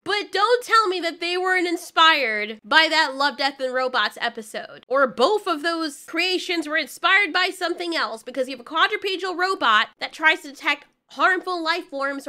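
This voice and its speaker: A woman giving a casual, animated show review, swearing and joking as she goes. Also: high-pitched.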